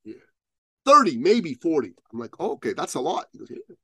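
A man telling a story as a podcast guest, acting out both sides of the dialogue with rising, loud peaks. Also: fairly high pitch, wildly swooping pitch, fairly quick, husky, no room sound, studio quality. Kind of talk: animated storytelling in an interview.

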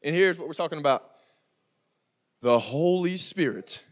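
A man's voice: fairly high pitch, expressive, unhurried. A young man preaching a casual youth sermon, joking and talking straight to the crowd in a church room. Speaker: youth pastor.

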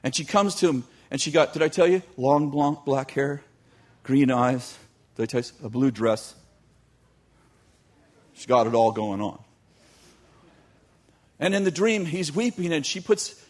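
A man telling a long story in a sermon, animated, with joking asides to his audience. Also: a little high, unhurried, long pauses. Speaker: youth teacher.

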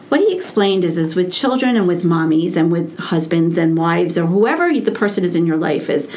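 A middle-aged woman who works as an early childhood educator, telling stories in conversation and acting out quoted dialogue with lively repetition. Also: fairly low pitch, normal speed, hardly any pauses, a little hiss or hum. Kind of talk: animated conversational storytelling.

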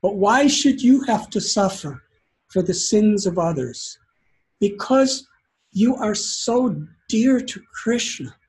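Man doing a tearful divine teacher: tender, unhurried, reassuring. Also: high-pitched, lively intonation, darkish tone, pitched above the performer's own voice, heavily acted.

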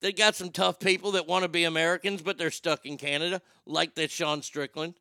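A man with a high, gravelly voice that still comes through crisp and clean. He riffs on the news in a sarcastic, rambling way, swearing freely as he goes. The sound is close and dry, with no room around it. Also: fairly even intonation, brisk, sharp tone, dry recording. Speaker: show host. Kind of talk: profane comedic news commentary.

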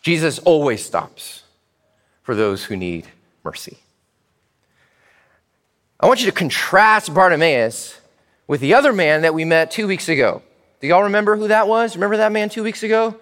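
A man preaching a sermon in church as pastor, animated and speaking directly to the children. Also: high-pitched, brisk, big-room sound.

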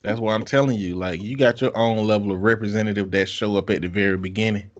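A man's voice: on the low side, steady tone, fast. A man in casual conversation, giving blunt, profane advice. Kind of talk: casual chat. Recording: dull lo-fi sound.

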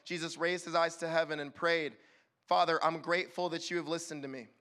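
A man preaching a sermon as youth pastor, animated and acting out quick little voices to the room. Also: a little high. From California.

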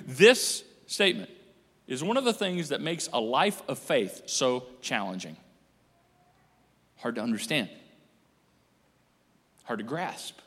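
Animated high-voiced pastor in a hall. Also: male voice. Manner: animated, jokey, acts out quoted people. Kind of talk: sermon. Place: church auditorium. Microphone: handheld microphone on stage. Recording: echoey church hall.

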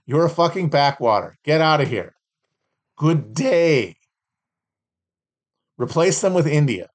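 A man's voice: fairly high pitch, big pitch swings, brisk. A man hosting a solo podcast, reading out trading cards and mocking them with sardonic, profane, rambling asides. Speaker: podcast host.

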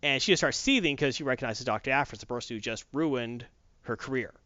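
A man's voice: mid-range voice, quick pace, sharp tone, no echo. A man in casual chat, retelling a story animatedly and acting out characters. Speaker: podcast co-host. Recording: dull dry sound.

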